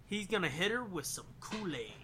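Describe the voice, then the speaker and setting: A man's voice: high voice, very animated, moderate pace, fairly bright tone, a little hiss or hum. A man co-hosting a casual movie commentary, joking, swearing and laughing often. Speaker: podcast co-host.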